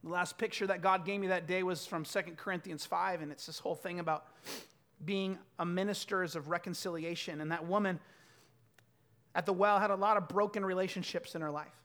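A man in his thirties preaching a sermon, telling stories and swinging from loud bursts to quiet asides. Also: high-pitched, fairly even intonation, fairly quick. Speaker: pastor.

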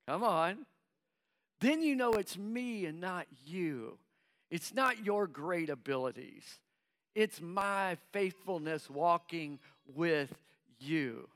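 A middle-aged man preaching in a high, bright voice that rings clear and smooth. He takes his time, speaking slowly and acting out the doubts of nervous believers between calls to the congregation. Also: lively intonation. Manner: preaching with call-and-response asides. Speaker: pastor. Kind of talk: sermon.

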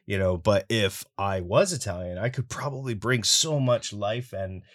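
A man's voice: lowish voice, normal speed. A man from Canada, a voice actor, talking casually in an interview with lots of fillers and easy laughs. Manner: chatty, frequent fillers and laughs. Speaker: voice actor guest.

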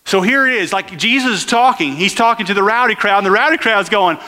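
A man's voice: high voice, fast, few pauses, bright, forceful tone, big-room sound. A man preaching a conversational sermon who often puts questions to the crowd. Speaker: pastor.

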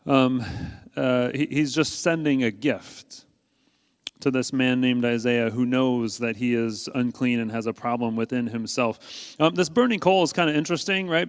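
A pastor preaching a sermon in a relaxed, conversational way, with frequent fillers and restarts. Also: male voice, mid-range voice, smooth, big-room sound.

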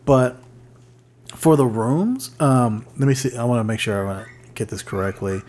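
A man's voice: mid-range voice, normal speed, a little mellow. Rambling man reading notes on a podcast. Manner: rambling, many fillers and restarts, reads notes aloud. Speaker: podcast co-host. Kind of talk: casual chat.

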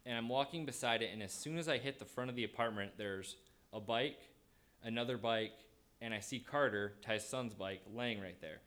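A man telling a personal story in a casual, animated way, acting out his own thoughts as he goes. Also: medium pitch, moderate pace.

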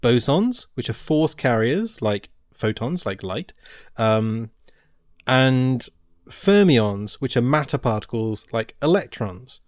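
A man's voice: mid-range voice, big pitch swings, takes it slowly, dry recording, studio quality. A man co-hosting a casual science podcast, chatty and stumbling a little over technical terms. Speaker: podcast co-host. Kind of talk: casual educational chat.

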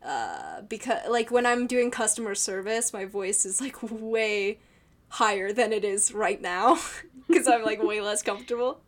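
A woman's voice: medium pitch, expressive, a little slow. A woman co-hosting a podcast, chatting casually in a rambling, giggly way with many restarts. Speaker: podcast co-host. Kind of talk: casual chat.

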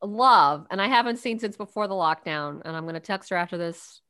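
A woman's voice: mid-range voice, lively intonation, brisk, fairly bright tone, clean tone, no room sound. A woman co-hosting a podcast over a video call, telling stories in a chatty way with plenty of ums. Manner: chatty storyteller, lots of ums and uhs. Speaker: podcast co-host.

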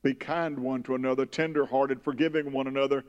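A man preaching a sermon, reading scripture and breaking into loud emphatic bursts. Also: medium pitch, level tone, brisk, lo-fi sound. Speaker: pastor. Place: church sanctuary. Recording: long hall reverb.

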